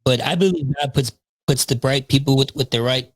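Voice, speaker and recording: A man's voice: medium pitch, fairly quick, no echo, poor audio. A man hosting a faith podcast, speaking in a reassuring way with many "you know" fillers. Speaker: podcast host.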